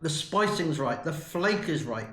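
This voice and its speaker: A man's voice: fairly high pitch, animated, a little slow, fairly bright tone, roomy sound. A man from the UK in a chatty, enthusiastic food review vlog. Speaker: food vlogger.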